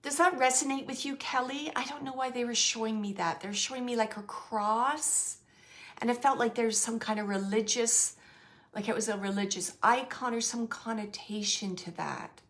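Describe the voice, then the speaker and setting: A woman working as a medium, giving a gentle spirit reading to a sitter, halting and searching as she relays messages, with many fillers and restarts. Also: a little high. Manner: gentle and reassuring. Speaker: psychic medium.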